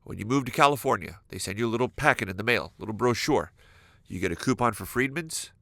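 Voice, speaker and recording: Male comedic podcast host, gravelly edge, dry close sound, animated storytelling. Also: mid-range voice, quick pace, dry recording. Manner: animated, exaggerated, acts out imagined dialogue. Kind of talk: comedic solo podcast monologue. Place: California.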